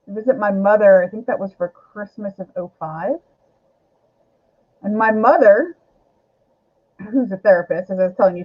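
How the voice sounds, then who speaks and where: Middle-aged woman, talk show guest, candid rambling storyteller, dull lo-fi audio. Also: mid-range voice.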